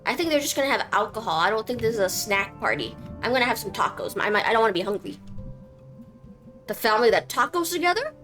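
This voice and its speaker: A woman's voice: fairly high pitch, big pitch swings, fast talker, a bit bright, faint music behind. A young woman streaming a game, chatting in a goofy, rambling, playful way. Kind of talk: casual game commentary.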